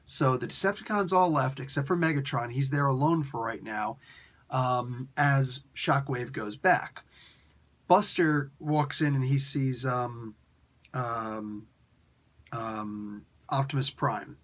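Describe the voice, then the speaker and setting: A man recapping a comic story in relaxed, casual talk. His voice sits in a middle pitch and leaps high whenever he voices the characters' lines. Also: slow pace. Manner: animated storytelling, acts out character quotes with pitch jumps. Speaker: comic book reviewer.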